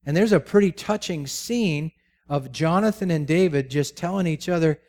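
Telling the story through jokes and rhetorical questions, a man delivers a sermon full of humorous asides. His voice is a little high and darkish, at a normal speed.

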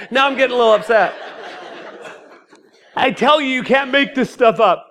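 A middle-aged man telling his story of going into ministry, animated and acting out the people in it. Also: very high-pitched, normal speed, vocal fry, long pauses. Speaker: ministry founder giving his testimony. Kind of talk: storytelling testimony.

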